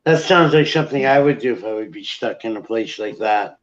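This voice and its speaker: A man's voice: on the low side, expressive, fairly quick, lo-fi sound, crowd noise. A man joining a casual live-stream chat, mostly short remarks and questions. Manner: brief interjections, asks questions.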